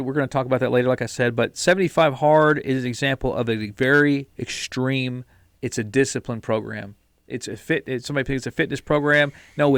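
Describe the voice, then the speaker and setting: Gravelly guy on a podcast, blunt and a bit profane, dry close sound. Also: mid-range voice, no echo. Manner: blunt, mildly profane, repeats words when restarting. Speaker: podcast co-host. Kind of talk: casual motivational chat.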